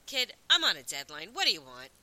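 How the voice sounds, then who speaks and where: A woman's voice: lowish voice, wildly swooping pitch, fairly quick, pushed and bright, heavily acted, poor audio. A woman voicing a brusque, busy male newspaper reporter in an audiobook, curt and sarcastic. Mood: impatient. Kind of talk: audiobook reading.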